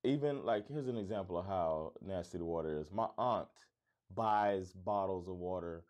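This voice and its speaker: The sound is lo-fi, carrying a deep, darkish male voice at a moderate pace. He's a middle-aged Florida native and comedy club owner, casually reading viewer comments on his livestream in a neutral American accent with a hint of Florida. His manner stays upbeat and laid-back, full of easy laughter and frequent "man"s.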